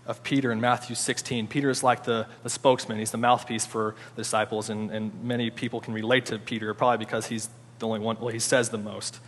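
A man giving a conversational sermon, informal and animated, often restarting his sentences. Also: medium pitch. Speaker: preacher. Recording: long hall reverb.

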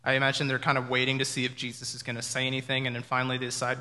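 Bright-voiced man preaching in a hall. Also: medium pitch, completely flat delivery, very fast, hardly any pauses. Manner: conversational, reflective, with imagined dialogue. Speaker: pastor. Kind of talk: sermon. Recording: reverberant hall.

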